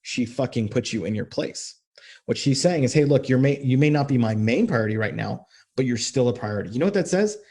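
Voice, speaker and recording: A man coaching on relationships in a blunt, profane way, taking apart a text exchange line by line. His voice has a mellow, dark tone with a slight huskiness. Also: medium pitch, lively intonation, a little fast, slightly rough. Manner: direct, profane, reads quoted texts aloud.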